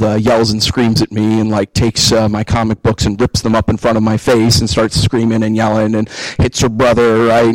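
Man, 30s, pastor mid-sermon, lively with humor, dry close mic. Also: on the low side, dry recording, poor audio. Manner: animated, jokey asides, rising emphatic peaks. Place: church hall.

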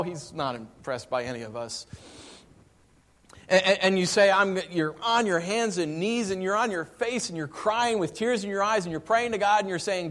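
A male pastor preaching a sermon, dropping to hushed, slow lines and then rising into fervent, pleading passages. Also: high-pitched, expressive.

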